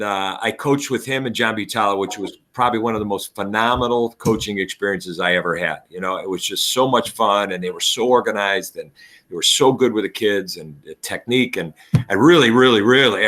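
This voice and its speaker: A man spins animated stories from a long teaching and coaching career. His voice is bright and forward, and he drops into quick impressions of the people in his anecdotes. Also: on the low side. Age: 60s. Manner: animated storyteller, acts out voices. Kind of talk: casual podcast chat.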